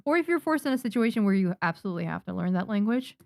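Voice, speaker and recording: A woman from Japan, a native Japanese speaker, chatting casually with her live-stream viewers while she draws manga, excitable and quick to laugh. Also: mid-range voice, creaky, no echo, clean studio sound.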